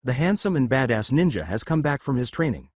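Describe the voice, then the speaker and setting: Man reading as a boastful young male ninja, playful, lively pitch, dry close sound. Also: brisk, dry recording.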